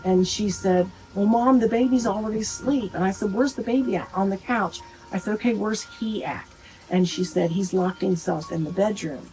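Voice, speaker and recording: The mother of a murder victim, a middle-aged woman, talks at normal speed in a mid-range, slightly mellow voice, with faint music behind her and poor audio. Speaking plainly in an interview, she relays family conversations by quoting what everyone said.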